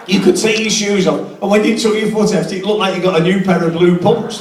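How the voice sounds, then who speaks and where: A man's voice: high-pitched, steady tone, fairly quick, distant mic. A middle-aged man, telling a comic story to a hotel audience. He chuckles at his own punchlines and stumbles into restarts. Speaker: hotel entertainer. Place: hotel function room with live audience. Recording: echoey hall, voice off-mic, with music.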